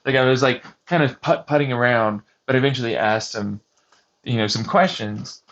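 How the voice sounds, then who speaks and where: A man's voice: medium pitch, moderate pace, fairly bright tone. A man vlogging outdoors on a hiking trail, rambling through a personal story with lots of swearing and restarts. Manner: rambling, profane, restarts often. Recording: muffled lo-fi recording.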